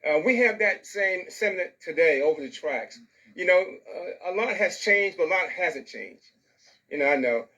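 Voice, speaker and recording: A man's voice: high-pitched, lively intonation, moderate pace, bright, forceful tone, low-quality recording. A man, a host and teacher, who talks in affirming, rambling sentences. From rural American South. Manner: affirming, answers with "amen", rambling. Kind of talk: interview hosting.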